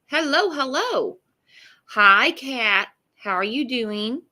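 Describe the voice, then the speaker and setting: Blunt, bright-voiced woman livestreamer. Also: fairly high pitch, expressive, takes it slowly. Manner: blunt, profane, greets chat viewers by name. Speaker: true crime livestream host. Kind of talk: casual livestream chat.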